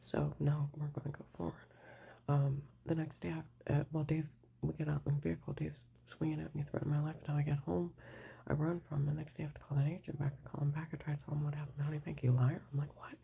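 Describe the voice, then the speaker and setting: A woman's voice: low voice, fairly even intonation, quick pace, gravelly, mellow. An older woman giving a rambling, agitated personal account, mostly in a whisper. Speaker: vlogger telling her story.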